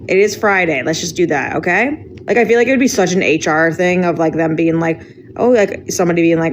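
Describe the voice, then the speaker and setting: A woman's voice: on the low side, fairly quick, a little hiss or hum. A woman guesting on a podcast, riffing comically in a chatty way with lots of "like". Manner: chatty, heavy use of "like". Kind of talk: casual comedic riffing.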